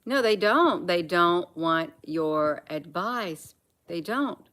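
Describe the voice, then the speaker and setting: Bright-voiced woman, emphatic, repeating herself. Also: on the low side, expressive, slow pace. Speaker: vlogger. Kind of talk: casual opinion vlog. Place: at home, indoors.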